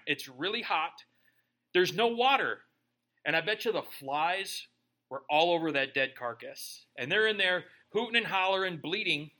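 A man's voice: high-pitched, bright, forceful tone. A man preaching a sermon in a loose, joking, conversational way, often tagging lines with "right?". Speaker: pastor.

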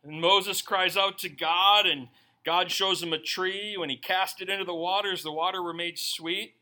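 Speaking at a normal speed, a male preacher with a bright, high voice addresses his congregation conversationally in a sermon. He animates his stories by playfully voicing the characters, keeping the energy lively.

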